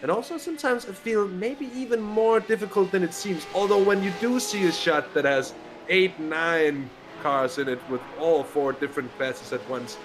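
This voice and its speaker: A man co-commentating on a sim race, explaining the action in a measured, slightly hesitant way. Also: high-pitched, noisy background.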